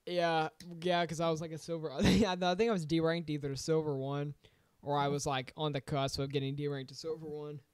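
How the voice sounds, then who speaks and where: An excitable young man co-hosting a casual gaming podcast, laughing often. His voice is smooth and clear. The mic is close and dry, with no room sound. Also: on the high side, a little fast, no echo. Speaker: podcast co-host.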